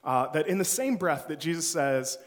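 Male preacher, light and funny storyteller, slightly high voice; recorded in a reverberant church sanctuary. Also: moderate pace. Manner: playful storytelling with laughs. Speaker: pastor. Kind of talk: sermon. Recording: long church hall reverb.

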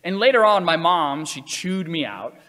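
A man with a somewhat high speaking voice tells personal stories, earnest and measured, and acts out the quotes he recalls. A long reverb tail follows his words, as if he were recorded in a large hall. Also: sing-song, bright, forceful tone. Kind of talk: storytelling talk.

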